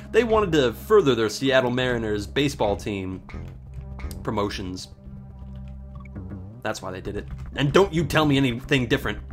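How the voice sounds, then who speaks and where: Gamer guy narrating his playthrough, sarcastic and swearing, pitch all over the place, faint game music under him. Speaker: let's play host. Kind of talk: casual gameplay commentary.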